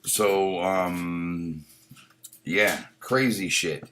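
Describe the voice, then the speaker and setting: Hombre de voz grave, directo y malhablado. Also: male voice, sits low, very slow, slight background noise. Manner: blunt and heavily profane, many restarts; opinionated and animated, reads chat aloud. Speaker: live stream host. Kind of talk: casual live-stream chat.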